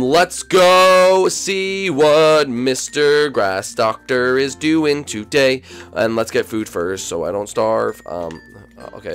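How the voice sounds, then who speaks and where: A young man narrating a Minecraft role-play in an excitable voice that jumps all over in pitch, from loud outbursts down to quiet mumbles. Faint music plays underneath. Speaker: YouTube host and role-player.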